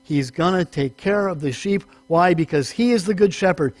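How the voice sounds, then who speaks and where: A man with a somewhat high voice teaches scripture from the pulpit in a talky, self-correcting way. His voice climbs when he presses a point. The recording is dry and close, with a faint mains hum underneath. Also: moderate pace, darkish tone, no echo. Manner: conversational, self-correcting, rises in pitch for emphasis. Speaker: pastor. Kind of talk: sermon teaching.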